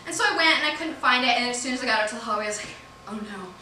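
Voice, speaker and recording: A woman comedian performing stand-up on a club stage, casual and profane, jumping from quick asides to loud laughing bursts. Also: a little high, expressive, a little hiss or hum. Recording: roomy live club sound, heard from a distance.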